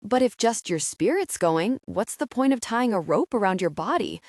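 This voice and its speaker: A woman's voice: mid-range voice, animated, normal speed, a little mellow, no room sound, clean studio sound. A woman reading an audiobook voices an anxious, earnest young boy who keeps asking worried, literal-minded questions. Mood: worried questioning.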